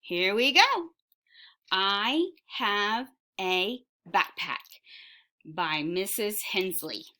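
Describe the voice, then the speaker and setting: A woman's voice: mid-range voice, very slow, sharp tone. A woman teacher reading a sight word book aloud to young children, word by word, with encouraging prompts.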